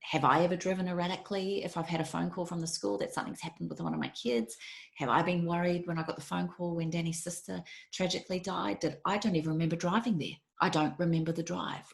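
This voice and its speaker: A woman's voice: lowish voice, fairly quick, vocal fry. A woman in her fifties, a podcast guest, telling stories in an earnest, emphatic way. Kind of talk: conversational interview.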